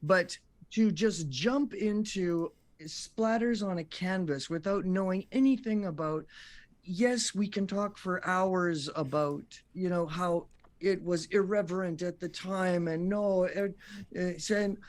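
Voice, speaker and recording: Lively talk show guest, male voice actor, slightly high voice, storyteller who acts out quotes. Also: takes it slowly.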